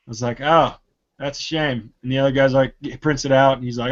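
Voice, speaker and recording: A man telling stories in casual podcast chat, swearing a lot and getting loud and indignant. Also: mid-range voice, fairly even intonation, fairly quick. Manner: ranting storyteller, swears often, gets loud and indignant. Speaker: podcast co-host. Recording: dull lo-fi sound.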